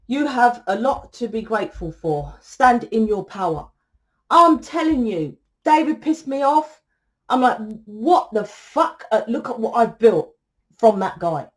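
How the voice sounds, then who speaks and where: Woman, tarot reader, blunt, sweary and preachy, casual monologue. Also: mid-range voice. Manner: blunt, profane, lecturing the viewer.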